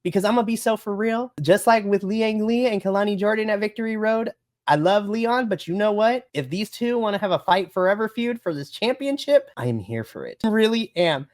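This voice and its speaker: A woman co-hosting a casual wrestling review podcast, excitable and gushing, acting out her own reactions. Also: mid-range voice, brisk. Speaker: podcast co-host. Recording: online podcast conversation.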